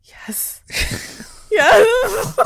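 Woman, northern England origin, podcast co-host, casual chat, animated storytelling, video call from home, dry close sound. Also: extremely high pitch, creaky, dry recording. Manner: chatty, animated storytelling with put-on voices.

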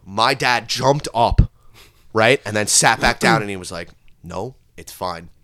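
A man's voice: on the low side, unhurried, no echo. A man co-hosting a podcast, telling a wild story in casual chat, swearing freely and acting out screams. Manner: animated storyteller, swears a lot, shouts out quoted screams. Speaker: podcast co-host.

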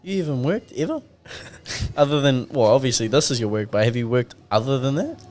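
A man's voice: medium pitch, expressive, brisk, a little mellow. A young man hosting a casual podcast, swearing freely and telling stories with acted-out dialogue. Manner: laid-back, swears a lot, tells stories with acted-out dialogue. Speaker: podcast host.

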